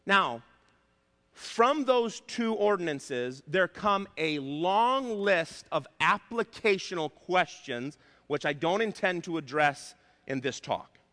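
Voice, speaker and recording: A male pastor preaching a sermon, emphatic and repeating his key points, slowing down to stress words. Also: high voice, a bit bright. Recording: long hall reverb.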